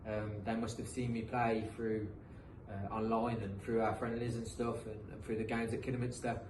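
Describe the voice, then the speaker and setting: Sitting back from the mic in an echoey room with faint background noise, a man in his thirties tells his story on a casual podcast in a low-leaning, flat voice at a moderate pace. He is a professional footballer whose British accent carries some American sounds. His telling wanders in loose runs, restarting, repeating words, and full of ums and uhs.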